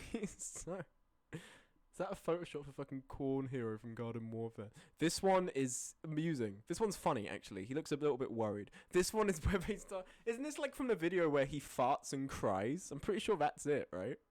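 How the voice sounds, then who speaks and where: A streamer casually ranking images, often breaking into high laughing fits and then dropping into low, sweary mutters. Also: very animated, moderate pace, darkish tone, no room sound. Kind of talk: casual live-stream commentary.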